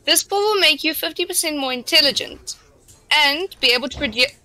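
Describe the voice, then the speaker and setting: A woman's voice: high voice, expressive, fairly quick, pushed and bright. A woman from South Africa playfully posing dares in a casual group chat, music behind. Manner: playful, provoking.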